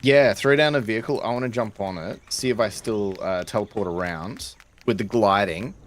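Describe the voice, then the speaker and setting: A man's voice: lowish voice, normal speed. A man co-hosting a livestream, chatting casually and laughing while testing a game. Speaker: streamer co-host. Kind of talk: casual gaming livestream chat.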